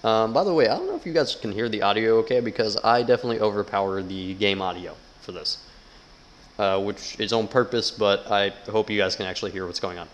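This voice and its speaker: A man's voice: on the low side, quick pace, highs cut off, a little hiss or hum. A man giving casual, sarcastic gameplay commentary, swearing a lot and reading game text aloud. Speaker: gamer.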